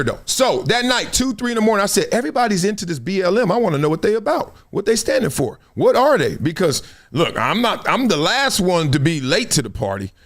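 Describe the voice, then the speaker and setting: Male host, middle-aged, high and lively voice, casual storyteller who acts out the quotes. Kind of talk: casual live-stream talk.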